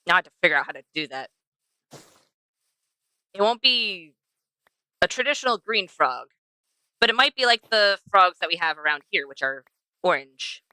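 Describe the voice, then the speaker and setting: A woman's voice: fairly low pitch, lively intonation, moderate pace, pauses often, sharp tone, clean tone, no room sound. A young woman streaming a game, chatting to herself and to the animals she passes as she plays. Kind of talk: casual gameplay commentary.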